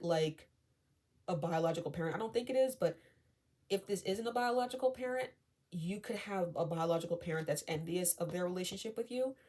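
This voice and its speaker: A woman with a lowish, mellow voice gives a casual tarot reading to her viewers. She talks in a chatty way, full of fillers, and keeps reassuring them and checking in with a quick "okay?". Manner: chatty, many fillers, often asks okay?; reassuring and calming. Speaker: tarot reader.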